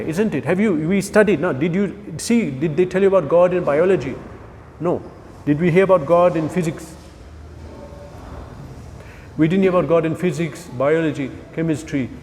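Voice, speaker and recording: A man giving an animated scripture class, asking his listeners questions and joking with them. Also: fairly high pitch, long reverb tail, slight background noise. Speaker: spiritual teacher.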